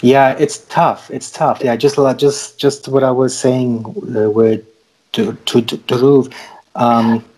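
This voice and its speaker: A man talks as a guest on a video call in a husky, breathy voice. He stutters and repeats syllables as he speaks, and he laughs often. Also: medium pitch, darkish tone, rough recording. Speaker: guest cartoonist and podcaster. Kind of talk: casual video-call interview.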